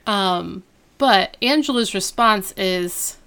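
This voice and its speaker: A young woman with a smooth, clear voice chats casually on a podcast. She sits at a mid pitch and retells a TV episode in animated fashion, acting out the characters' lines as she goes. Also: unhurried. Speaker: podcast co-host. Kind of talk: casual chat recapping a TV episode.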